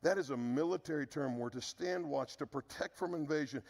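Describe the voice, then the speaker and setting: A middle-aged man preaching a sermon as pastor, earnest and repetitive, dropping low to stress key words. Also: fairly quick, gravelly, few pauses, a little mellow, long reverb tail.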